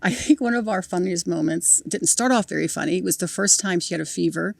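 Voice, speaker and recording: A middle-aged woman, a podcast guest telling lively family stories and acting out the people in them. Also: on the low side, brisk, gravelly, dry recording. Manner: animated storyteller, acting out voices with laughter. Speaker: podcast guest, mother of a cancer patient. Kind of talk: storytelling in an interview.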